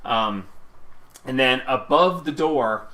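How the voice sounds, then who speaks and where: A man's voice: mid-range voice, lively intonation, slow, sharp tone. A man running a tabletop game as game master, describing the scene in a rambling way with many fillers.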